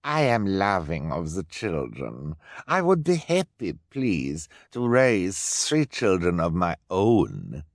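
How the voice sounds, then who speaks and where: A man's voice: sits low, huge pitch swings, takes it slowly, few pauses, no echo, clean studio sound, exaggerated voice. A man voicing a scheming male villain who speaks broken English with a fake foreign accent and keeps saying please. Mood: oily. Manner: broken phrasing, ends lines with "please".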